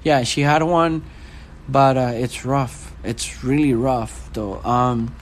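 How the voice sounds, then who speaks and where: A man's voice: mid-range voice, steady tone, slow, a little hiss or hum. A young man in a casual chat, rambling and searching for words as he talks.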